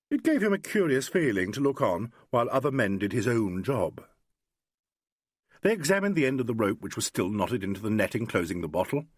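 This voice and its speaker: With a slightly rough, medium-pitched voice, a man performs scripted audiobook narration in a measured, expressive manner. The studio-quality recording has no echo.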